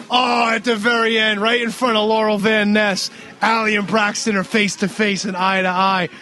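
A man co-hosting a casual talk show, recapping events with heavy swearing and excited outbursts. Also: high-pitched, moderate pace. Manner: profane, excitable, acts out quotes loudly. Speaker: podcast co-host recapping wrestling. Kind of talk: casual chat.

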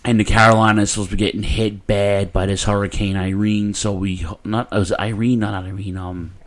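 A man, talking in a rambling, animated way. He swears freely as he hosts a casual podcast chat. He sounds like he is in his thirties. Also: lowish voice, fairly quick. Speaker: podcast host.

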